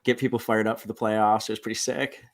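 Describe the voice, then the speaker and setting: A sports superfan in his twenties guests on a podcast for a casual interview chat, laid-back and peppered with "like." His voice sits low with little pitch movement, and he talks at a quick pace.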